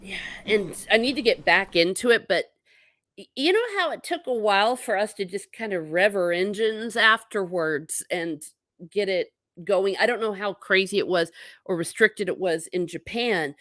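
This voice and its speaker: A woman in her late forties hosts a casual livestream over a video call, chatting away and making jokes at her own expense. Her mid-range voice is expressive and fairly bright, delivered at a moderate pace with no room sound.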